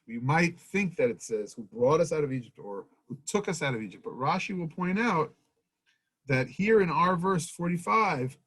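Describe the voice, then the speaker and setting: A man's voice: a little high, husky, poor audio. A man teaching a Torah study lesson, reading Hebrew verses and translating them in an earnest teaching manner.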